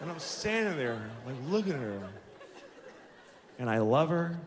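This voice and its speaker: A man's voice: a little high, very animated, measured pace, a crowd in the background. A man in his forties doing a stand-up routine, telling stories in an exasperated, profane way. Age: 40s. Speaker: stand-up comedian. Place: theater stage before an audience. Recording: live show with room noise.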